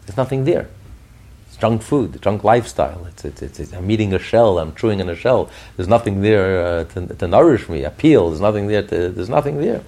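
A man giving a podcast Torah class, telling stories in an animated way with frequent restarts and chuckles. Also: deep voice, a little fast. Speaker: Torah teacher.

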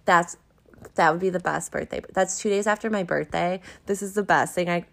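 Young female podcast co-host, a bit low-pitched, giggly and profane, rambling casual chat. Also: fairly even intonation, fairly quick, creaky. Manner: laughs often, swears freely, trails off mid-sentence.

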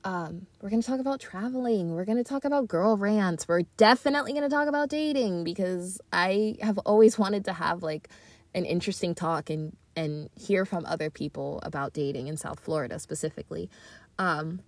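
A woman's voice: lowish voice, fairly quick, no echo. A young woman hosting her own podcast, chatting casually and encouragingly from her closet into a tablet. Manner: upbeat, encouraging, giddy. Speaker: podcast host. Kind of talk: casual motivational chat. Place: walk-in closet. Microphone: tablet mic.

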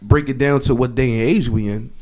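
A man's voice: mid-range voice, brisk, warm tone. A young man co-hosting a podcast, arguing his point casually and tagging "bro" onto his lines. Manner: argumentative, keeps saying "bro". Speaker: podcast co-host. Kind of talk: casual chat.

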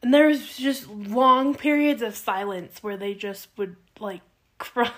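A woman's voice: fairly high pitch, a little slow. A woman co-hosting a podcast, casually recapping a TV show and acting out the quotes. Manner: animated storytelling, acts out quotes. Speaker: podcast co-host.

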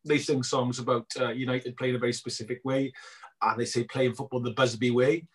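Man, middle-aged, animated storyteller, husky, quick delivery. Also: mid-range voice. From Wales. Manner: animated storyteller acting out both sides of conversations. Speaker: guest filmmaker. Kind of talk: casual interview chat.

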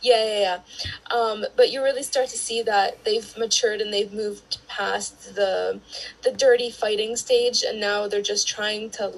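A woman guest on a podcast, giving thoughtful views on a film with frequent filler pauses. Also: mid-range voice, steady tone, husky, low-quality recording. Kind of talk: casual film discussion.

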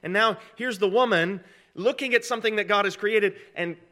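A man's voice: high-pitched, moderate pace, pushed and bright. A middle-aged man preaching a conversational, emphatic sermon to a congregation, posing rhetorical questions. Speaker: pastor.

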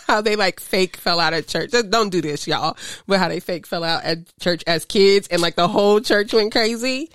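A woman co-hosting a casual chat podcast, animated and laughing often as she acts out stories. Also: mid-range voice, normal speed, no room sound, studio quality. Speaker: podcast co-host.

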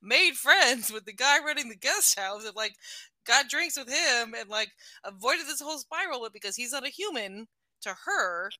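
Her high, very bright and sharp voice moves at a moderate pace as this middle-aged woman talks books in a casual, animated way. Frequent laughter and lots of "like" fill her speech, recorded dry and close with no surrounding room.

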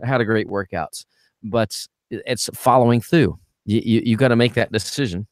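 A middle-aged man talks in a loose, rambling way, restarting his sentences with repeated words. His pitch is ordinary for a man, and the recording is dry and close with no room sound. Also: moderate pace, no echo. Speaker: vocal coach and podcast co-host. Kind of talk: casual podcast chat.

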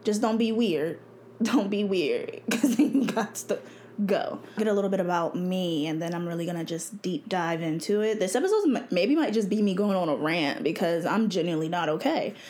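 A woman's voice: fairly low pitch, animated, fairly quick, a little mellow, slight background noise. A young woman, hosting her own podcast in a blunt, chatty way and laughing often. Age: 20s. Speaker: podcast host. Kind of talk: casual solo podcast talk.

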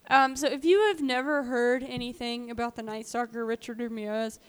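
A woman's voice: fairly high pitch, fairly even intonation, brisk, smooth. A woman co-hosting a podcast, telling a true-crime story in a chatty way with lots of fillers. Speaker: podcast co-host. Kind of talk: casual true-crime chat.

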